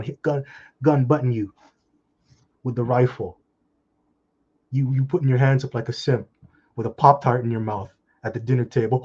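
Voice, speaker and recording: A man preaching in a crude, mocking way, stretching out the verses he reads with heavy emphasis. His voice is dark and husky. The recording sounds dull and lo-fi. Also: mid-range voice. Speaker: street preacher. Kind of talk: scripture reading with commentary.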